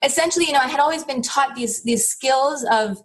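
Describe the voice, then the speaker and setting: Here a thirtysomething woman guesting on an interview podcast shares something personal, heartfelt and thoughtful, peppered with "you know." She talks briskly in a high-pitched voice over a rough recording.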